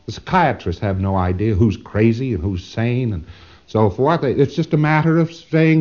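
A man lectures to a class in a rambling, emphatic way, doubling back on his words. His pitch rises and falls a great deal. The recording is a dull, lo-fi old tape. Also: animated, normal speed, darkish tone.

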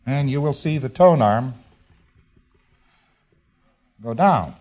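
A man giving a technical lecture, animated and acting out the exchanges he describes. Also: mid-range voice, takes it slowly. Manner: animated, acts out exchanges in quoted voices. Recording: dull lo-fi recording.

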